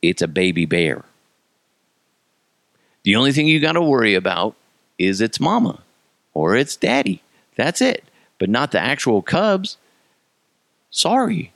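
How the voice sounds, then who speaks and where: Sarcastic man ranting with lively swings. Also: fairly low pitch, unhurried, gravelly, pauses often, dry recording, studio quality. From Colorado, USA. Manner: sarcastic, mocking, jumps into silly voices. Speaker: podcast host. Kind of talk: comedic solo rant.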